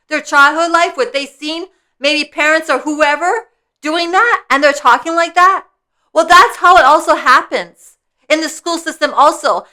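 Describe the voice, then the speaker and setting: A woman's voice: high-pitched, sharp tone. A woman in her fifties talking earnestly in a casual spiritual vlog, repeating herself and checking in with "okay?" over and over. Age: 50s. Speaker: vlogger. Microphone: personal mic.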